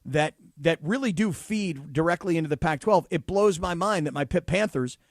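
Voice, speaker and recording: A man co-hosting a radio show, telling stories in animated casual chat. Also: a little high, normal speed, no echo, clean studio sound. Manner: animated storyteller. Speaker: radio co-host.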